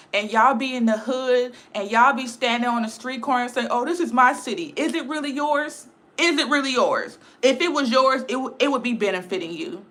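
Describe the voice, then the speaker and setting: Blunt, bright-voiced woman ranting on a livestream. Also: high voice. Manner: blunt, emphatic, repetitive. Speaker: live streamer. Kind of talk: casual livestream rant.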